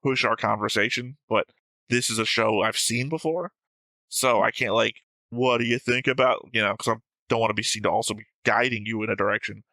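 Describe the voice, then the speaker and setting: A man with a gravelly, bright and forceful voice, talking casually and teasing his co-host. He explains his reasoning at length. The sound is dry and close. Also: fairly low pitch, brisk, no room sound. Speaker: co-host of an anime reaction show. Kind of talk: casual chat.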